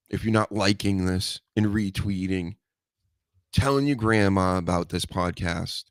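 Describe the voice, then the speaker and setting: A man hosting a solo podcast, rambling and joking with mock threats and loud mocking outbursts. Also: fairly low pitch, no echo, clean studio sound. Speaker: podcast host. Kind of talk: casual solo wrestling podcast chat.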